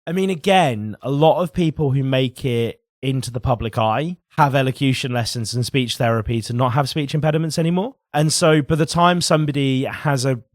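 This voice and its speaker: Casting: man, mid-pitch, frank and opinionated co-host, close dry sound. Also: dry recording. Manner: frank, opinionated, with quick hedging asides. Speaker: podcast co-host. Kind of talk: casual chat.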